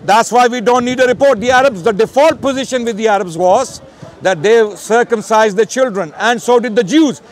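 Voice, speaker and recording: A man debating in the street, talking loudly and insistently to the camera. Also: extremely high pitch, moderate pace. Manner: emphatic, loud and insistent. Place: outdoors on a city street.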